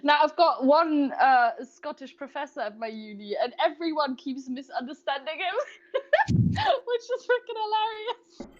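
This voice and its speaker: A woman's voice: high-pitched, expressive, measured pace, highs cut off. A woman from Germany, chatting and teasing as a player in a tabletop game. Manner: giggly and teasing. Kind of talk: casual chat on a game stream.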